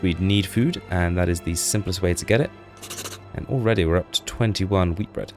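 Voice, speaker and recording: A man with a deep voice casually commentates his own gameplay, chatty and poking fun at himself. As he plays, he talks to the little people on screen, with faint music running underneath.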